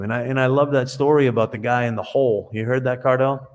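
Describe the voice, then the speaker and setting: A man's voice: mid-range voice, fairly even intonation, fast talker, few pauses, darkish tone. A man speaking as a podcast guest over a video call, talking earnestly in a storytelling, preacher-like way. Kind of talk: conversational interview.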